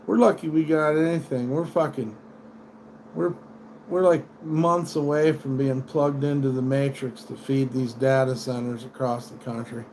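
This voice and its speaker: A man's voice: medium pitch, fairly even intonation, normal speed, a little mellow, slight background noise. American male livestream host, mid-range voice, rambling profane rant. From United States.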